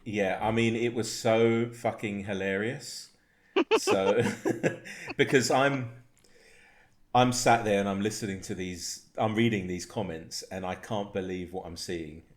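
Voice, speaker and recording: A man hosting a podcast with a fairly low voice, chatting loosely and cracking up often. He swears freely and reads messages aloud in a joking, offhand way. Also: a little slow. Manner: swearing, laughing, reading chat messages aloud. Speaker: podcast host. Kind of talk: casual chat.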